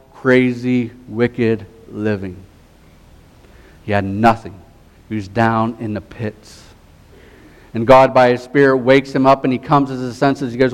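A middle-aged male pastor delivering a sermon with earnest conviction. His voice sits at an ordinary pitch and often sinks into a quiet, tender hush to stress a point. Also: poor audio. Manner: earnest preaching, drops to a soft hush on key phrases.

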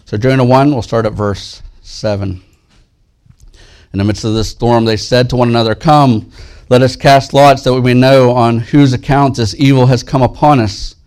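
A man preaching a sermon as pastor, soft and slow in prayer, lifting his voice when he reads scripture aloud. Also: medium pitch. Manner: earnest, rises and grows louder when reading scripture.

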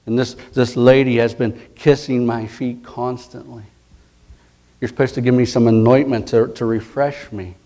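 A man's voice: mid-range voice, fairly even intonation, normal speed, dark tone. A male pastor preaching a sermon, retelling stories in a conversational way with frequent repeated words and restarts.

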